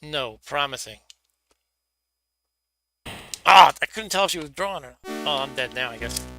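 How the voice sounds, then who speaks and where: A man's voice: fairly high pitch, lively intonation, quick pace, creaky, pushed and bright, soft background music. A man giving chatty, self-deprecating commentary while streaming an old computer game. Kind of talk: casual gameplay commentary.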